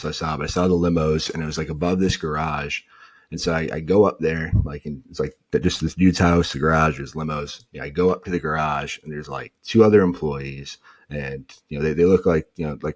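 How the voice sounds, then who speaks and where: A man's voice: rumbling low, breathy edge. A young man from New England, a podcast guest, telling stories in a casual way and acting out what others said. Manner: animated, acts out quotes of others. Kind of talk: casual storytelling.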